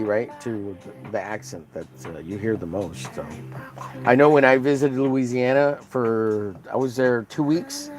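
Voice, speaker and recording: A man from Texas streaming while he draws, chatting casually and rambling through stories with many fillers. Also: medium pitch. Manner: rambling, filler-heavy storytelling. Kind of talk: casual chat while drawing live.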